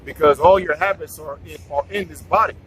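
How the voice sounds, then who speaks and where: Brief: high, bright male bible teacher, stop-start preachy delivery, faint traffic behind. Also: fairly quick, poor audio. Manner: preachy, repeats words, many restarts. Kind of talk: casual scripture talk.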